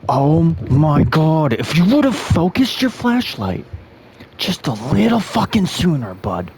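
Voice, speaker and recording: A man's voice: fairly high pitch, very animated, unhurried, background noise. A man playing a video game and commenting, exasperated and swearing as he rants at the game. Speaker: gaming streamer. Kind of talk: frustrated let's-play commentary.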